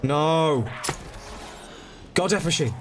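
A young man commentating his game live, excitable, swearing and begging the game for help. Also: on the high side, drawn-out words, noisy background. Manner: swears, begs and pleads under pressure. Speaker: gaming streamer. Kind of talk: frantic live gameplay commentary. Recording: loud game music behind. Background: game music.

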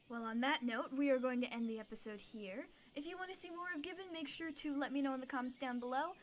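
A woman's voice: high voice, brisk. A young woman playing a game and chatting playfully, squealing and exclaiming as she goes. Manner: bubbly, exclaims and squeals often. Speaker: gaming video host. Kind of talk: playful gameplay commentary. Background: game music.

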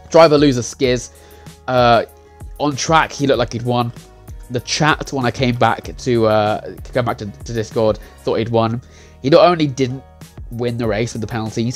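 A young man talking through his sim racing weekend in a loose, rambling recap. He corrects himself often, fills gaps with "uh" and "you know," and chuckles now and then, with his voice sitting at a middling pitch. Faint music plays behind him. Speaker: sim racing league driver giving a round recap. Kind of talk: casual recap talk.

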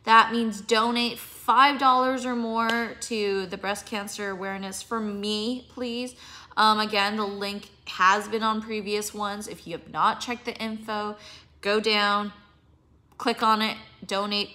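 A woman's voice: mid-range voice, fairly even intonation, measured pace, pushed and bright. A young adult woman talking to her viewers in a casual vlog, rambling, swearing and searching for words, yawning now and then. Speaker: vlogger.

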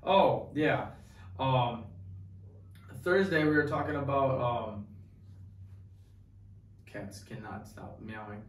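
A young man co-hosting a podcast, rambling through a profane, excited story in casual chat. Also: medium pitch, slow pace, pauses often. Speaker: podcast co-host. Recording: echoey room, distant mic.

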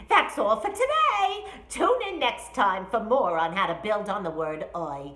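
A brassy older woman with a New York Jewish accent, who exclaims and kvetches her way through a comic show. Her voice is strikingly bright and a little high, and her pitch leaps all over. The room around her is echoey. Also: big pitch swings, normal speed, hardly any pauses. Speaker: comedy web show host. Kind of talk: comic character monologue.

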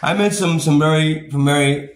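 At normal speed and fairly high pitch, a man delivers an angry rant about things that happened to him. Frequent swearing, stumbles over repeated words and bitter bursts of laughter fill it, in an echoey room with faint noise behind.

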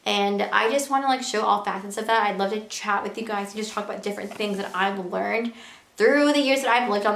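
A woman's voice: on the high side, creaky, fairly bright tone. A young woman vlogging to camera in a casual, earnest way, full of rhetorical questions. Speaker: beauty and lifestyle vlogger. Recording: echoey room.

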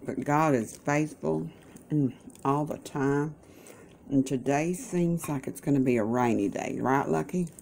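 At her home kitchen's breakfast table, a vlogger caring for her mother chats casually in a folksy way with religious asides. Her deep voice is unhurried and darkish with vocal fry, and there's a little hiss or hum.

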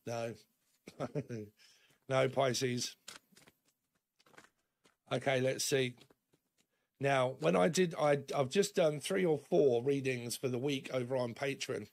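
A tarot reader gives a loose, rambling reading in a gravelly, medium-pitched male voice, moving slowly with long pauses. He laughs a lot and performs small imagined conversations, switching voices for each part.

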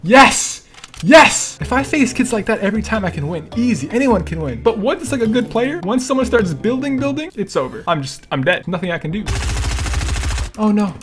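A man's voice: high-pitched, brisk. A young man giving live, panicky commentary on his own gameplay, yelping and repeating himself. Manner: excitable, panicky, yelps and shouts; repeats phrases, slangy "bro" and "dude". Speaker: gaming streamer.

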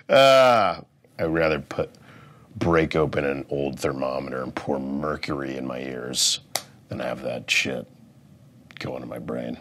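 Male comic, low voice, loud profane rant with sudden muttered asides. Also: normal speed. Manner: profane, swings from loud outbursts to mumbled asides. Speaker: comedian rating things as overrated or underrated. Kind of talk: comedic rant to camera.

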